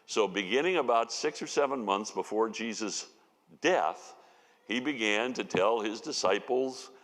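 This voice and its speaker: A man's voice: lowish voice, a little slow, a bit bright. A man giving a conversational sermon as a Bible teacher, telling the story with folksy asides. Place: church sanctuary. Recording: long reverb of a church hall.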